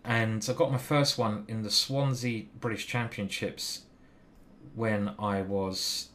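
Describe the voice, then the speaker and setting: A man's voice: fairly low pitch, fairly even intonation, slow, fairly bright tone, slight background noise. A man streaming his own chess game, chatting and telling a story while he calls out his moves. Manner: chatty, breaks off mid-story to call moves. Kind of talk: live game commentary.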